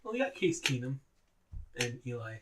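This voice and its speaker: A man co-hosting a podcast in casual chat, excitable, chuckling, and filling his talk with "like". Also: medium pitch, normal speed, recorded from a distance. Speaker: podcast co-host.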